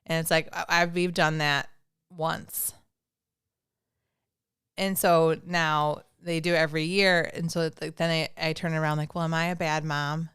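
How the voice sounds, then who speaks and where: A woman in her forties chatting as a podcast guest, easygoing and quick to laugh. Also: low voice, level tone, a bit bright, smooth, dry recording, clean studio sound. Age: 40s. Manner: easygoing, laughs often, loses her train of thought. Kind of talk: casual chat.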